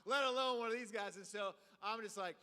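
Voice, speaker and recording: A man preaching a storytelling sermon in a church, animated and full of filler words. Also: high-pitched, a little fast, clear, resonant tone. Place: church sanctuary. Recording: reverberant hall.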